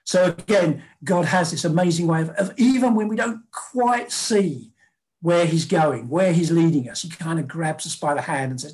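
A man's voice: a little high, moderate pace, darkish tone. A man preaching a sermon in a conversational way, with fillers and acted-out quotes.

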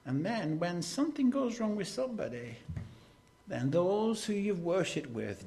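Slow-preaching man. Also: high voice, very animated, mellow. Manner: slow, deliberate preaching with sudden emphatic rises. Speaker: preacher and hospital chaplain. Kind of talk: sermon.

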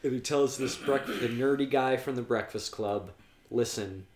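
A man's voice: normal speed, a little mellow, roomy sound. A man in casual chat, recapping film scenes and quoting the characters' lines. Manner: retells scenes with quoted lines, drops to a low murmur.

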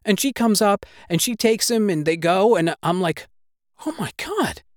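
A man's voice: high voice, normal speed, no room sound, studio quality. A man telling a personal story in casual, swear-filled speech. His retelling is breathless and emotional, and he gets worked up as he goes.

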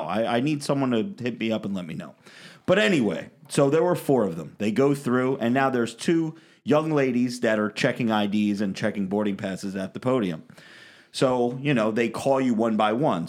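Man telling a rambling podcast story. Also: on the low side. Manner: animated, rambling storyteller who acts out quotes. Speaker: podcast host.

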